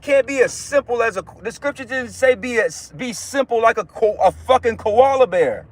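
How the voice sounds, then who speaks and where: A livestream host gives religious teaching from inside his car in a casual preaching stream. His voice is high for a man, with lively intonation and a moderate pace. He lectures bluntly, swears freely and keeps stumbling over and restarting his sentences.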